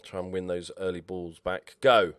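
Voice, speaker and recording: A man commentating over his own football management game, excitable and swearing at his players. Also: sits low, moderate pace, no echo. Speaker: gaming YouTuber. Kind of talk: Let's Play commentary.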